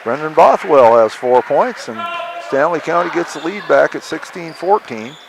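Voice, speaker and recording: An easygoing man calls a basketball game play by play, joking now and then, his voice a bit high with a gravelly edge. Gym noise and bouncing balls come through clearly behind him. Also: animated, moderate pace, crowd noise. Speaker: play-by-play announcer. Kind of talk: basketball webcast commentary. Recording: noisy gym webcast. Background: gym ambience, ball bouncing.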